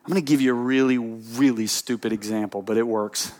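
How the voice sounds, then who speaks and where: A man preaching a sermon as pastor, telling stories in an animated way that swings between quiet asides and emphatic points. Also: medium pitch, a little fast.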